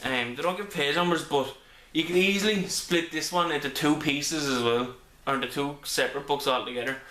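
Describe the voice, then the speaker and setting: A man's voice: a little high, a little fast, sharp tone, slight background noise. A man reviewing a comic book in a casual video, rambling with many ums and restarts. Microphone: camera mic. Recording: echoey room.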